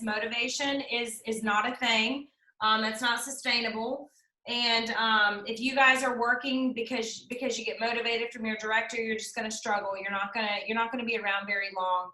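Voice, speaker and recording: A woman co-hosting a group call, talking quickly and bluntly and saying "y'all". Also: on the high side, steady tone, bright, forceful tone, reverberant, rough recording. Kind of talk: casual chat.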